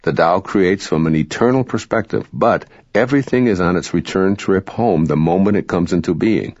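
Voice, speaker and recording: A man reading spiritual self-help narration in a calm, measured, instructive way. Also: low-pitched, no echo. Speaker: audiobook narrator. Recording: dry, dull lo-fi recording.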